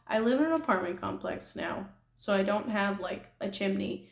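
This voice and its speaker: A young Californian nail artist vlogger chats casually with her viewers from an apartment room, rambling with frequent giggles and self-deprecating asides. Her medium-pitched voice moves at a moderate pace, and the room sounds echoey.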